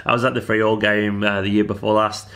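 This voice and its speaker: Fast-talking Mancunian man. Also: fairly low pitch. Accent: Manchester. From Manchester, England. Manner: chatty, animated, banters with viewers. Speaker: football fan vlogger. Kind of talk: casual Q&A vlog.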